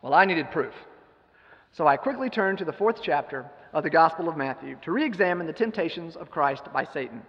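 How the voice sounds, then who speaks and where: A male preacher delivers a storytelling sermon and keeps asking the congregation rhetorical questions. His voice is somewhat high and gravelly. A long church reverb hangs on the dull, lo-fi recording. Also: expressive, brisk.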